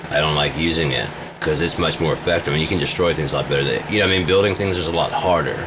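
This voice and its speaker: Very deep-voiced man, profane boastful vlogger, noisy backdrop. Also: rapid-fire. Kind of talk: casual rambling monologue.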